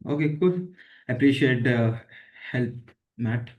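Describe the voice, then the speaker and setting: A man's voice: medium pitch, slow, poor audio. A man taking part in a coaching call who answers briefly and agreeably and often restarts his sentences. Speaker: coaching participant.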